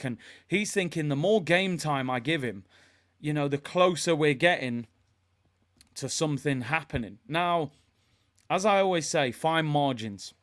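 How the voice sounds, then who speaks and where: A man hosting a fan channel, giving opinionated, animated football commentary and reading out viewer comments. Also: on the high side. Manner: animated, opinionated, reads chat comments aloud.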